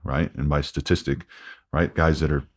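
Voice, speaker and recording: Deep voiced guy in his 40s on a podcast, lots of restarts and um's, talking it through slow. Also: level tone. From United States. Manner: halting, many restarts and fillers, quoting himself. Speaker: podcast guest. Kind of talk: candid interview.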